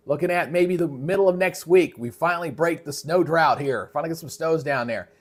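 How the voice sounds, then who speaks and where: A man presents a live weather briefing as the meteorologist host, keeping it casual and conversational. His voice sits a little high, and a frog in his throat has him clearing it again and again.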